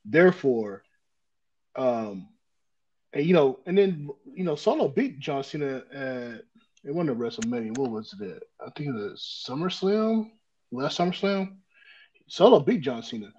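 Man explaining calmly over muffled audio. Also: medium pitch, unhurried, slightly rough. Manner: explanatory, builds his points step by step. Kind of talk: casual wrestling chat.

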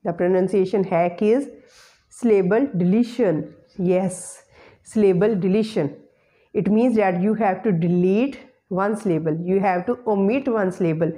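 A woman teaching English pronunciation, addressing her audience formally and repeating each example word slowly. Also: fairly low pitch, mellow. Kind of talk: spoken English lesson.

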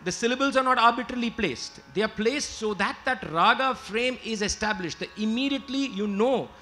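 A man's voice: very high-pitched, a little fast, pushed and bright, slight background noise. A man giving an emphatic lecture-demonstration on music, explaining and stopping to sing short examples. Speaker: lecturer and singer. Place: lecture hall with live musicians.

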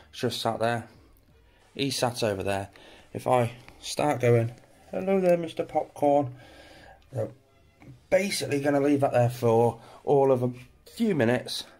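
A British man narrates a casual night tour of his reptile room, speaking at an ordinary middle pitch. His delivery is chatty and relaxed, and he often breaks off to talk to his animals. He is recorded on a handheld camera indoors. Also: moderate pace. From England. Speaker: reptile keeper and channel host. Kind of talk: casual walk-through narration.

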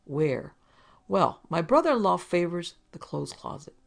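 A woman's voice: on the low side, very animated, unhurried, vocal fry, heavily acted. A woman voicing a wisecracking male detective who talks his way out of trouble in a breezy, bluffing manner. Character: wisecracking male detective's sidekick, quick-witted.

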